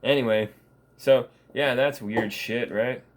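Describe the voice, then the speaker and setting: A man's voice: medium pitch, steady tone, takes it slowly. A man vlogging in a casual, rambling monologue, profane and laughing often.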